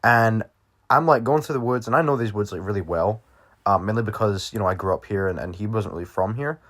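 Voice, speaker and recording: Rambling young man, lowish voice. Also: brisk, fairly bright tone. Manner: casual, rambling, full of fillers and swearing. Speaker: vlogger. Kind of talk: storytime vlog.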